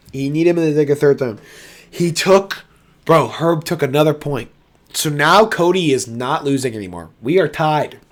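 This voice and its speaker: Excitable, profane young man ranting. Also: a little high. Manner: profane, excitable, swings from loud outbursts to muttering. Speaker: MMA reaction host. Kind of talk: casual fight breakdown monologue.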